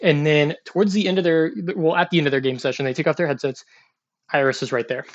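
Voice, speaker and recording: A man's voice: fairly high pitch, steady tone, quick pace, lo-fi sound. A man casually recapping a TV episode in a chatty, loose way, with lots of fillers and restarts. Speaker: TV episode reviewer.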